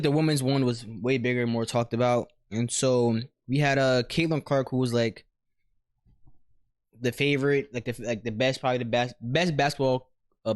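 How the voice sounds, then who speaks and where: A man's voice: mid-range voice, no room sound, studio quality. A young man co-hosting a podcast, teasing his friend and telling stories with lots of slang. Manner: teasing, animated storytelling, slangy. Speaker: podcast co-host. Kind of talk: casual chat.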